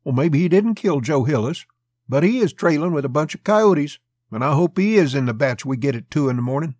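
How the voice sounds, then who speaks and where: A man's voice: a little high, lively intonation, a little fast, a little mellow, dry recording, clean studio sound, voice pushed up. A man voicing a hot-headed young customs officer who speaks bitingly and full of hate. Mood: bewildered. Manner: biting, hateful.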